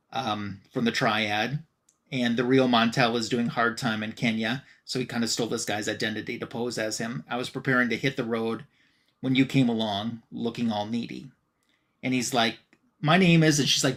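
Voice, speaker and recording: A man, a podcast co-host, casually recapping a comic scene by scene, reading out the characters' lines with plenty of "um" and "uh". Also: medium pitch. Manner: retells scenes by reading out dialogue with "she's like"; relaxed, frequent "um" and "uh" fillers.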